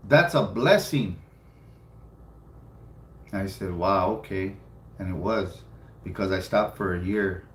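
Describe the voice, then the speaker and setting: A man's voice: low voice, slow pace, long pauses, a bit bright, slight background noise. A middle-aged man from California telling a personal story in a casual live stream, blunt and swearing freely, often repeating himself for emphasis. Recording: roomy home room with faint ambience.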